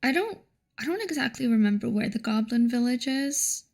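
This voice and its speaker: Gravelly-voiced young woman gaming. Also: fairly high pitch, lively intonation, normal speed, darkish tone. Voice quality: joking, self-mocking, chatty. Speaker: gaming streamer. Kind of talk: casual game commentary.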